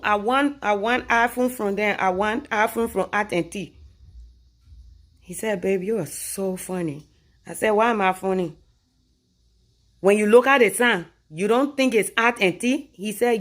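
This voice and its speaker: A woman from Liberia with a Liberian English accent, telling a comic story about her boyfriend and arguing her side with rising force. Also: normal speed. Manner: animated, rising loud and high when arguing her point. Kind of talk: comic anecdote told to camera.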